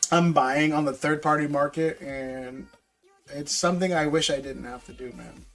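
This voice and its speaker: A man's voice: on the high side, steady tone, moderate pace, fairly bright tone, faint music behind. A man selling trading card packs on a live stream, chatting casually with viewers and calling them bro. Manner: laid-back, talks to viewers as bro. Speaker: livestream card seller.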